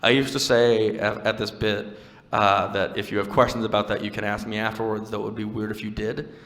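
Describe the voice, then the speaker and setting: A man's voice: on the low side, little pitch movement, brisk, fairly bright tone. A young man doing a stand-up comedy set in a venue, chatting wryly with the crowd and telling self-deprecating stories. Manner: conversational, wry and self-deprecating with playful crowd work. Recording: live venue with long reverb.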